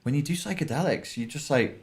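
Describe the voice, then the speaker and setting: A man's voice: on the high side, lively intonation, a little fast. Sweary man in casual chat. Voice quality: swears freely, jumps into mocking voices. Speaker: podcast co-host.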